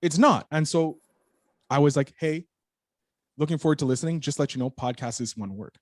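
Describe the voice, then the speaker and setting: Animated man telling a story, dry sound. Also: a little high, brisk, no echo. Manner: animated storyteller, swears freely. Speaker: podcast guest. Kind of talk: casual storytelling interview.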